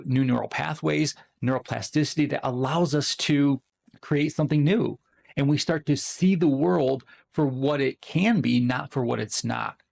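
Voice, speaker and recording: Gravelly man giving a motivational talk. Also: medium pitch. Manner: earnest storytelling. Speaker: podcast host. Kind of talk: motivational monologue.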